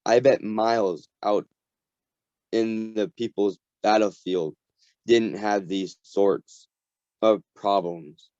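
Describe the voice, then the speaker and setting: Slow, halting man reading aloud. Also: lowish voice, steady tone, a little mellow, dry recording. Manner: halting, with frequent restarts. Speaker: story reader. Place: community reading group. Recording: dull dry lo-fi recording.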